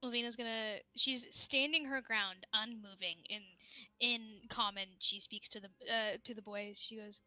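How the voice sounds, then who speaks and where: A woman playing a tabletop game, with a bright, slightly high voice. The recording is dry and close. She talks casually and often corrects herself as she goes. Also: fairly even intonation, normal speed, no room sound. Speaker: player.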